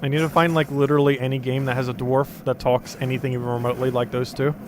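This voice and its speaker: Casual New Jersey game streamer. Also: male voice, mid-range voice, flat delivery, quick pace, noisy background. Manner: casual, self-chatting. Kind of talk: live gameplay commentary.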